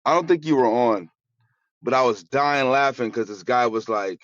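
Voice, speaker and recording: A man's voice: mid-range voice, normal speed, no room sound. Laughing chatty man, dry dull audio. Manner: laughs a lot, chatty, animated. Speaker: co-host. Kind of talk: casual chat.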